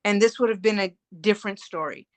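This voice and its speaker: A middle-aged woman, a family caregiver, telling her story as a guest in earnest, animated detail with many fillers. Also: mid-range voice, brisk. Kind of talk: emotional personal storytelling.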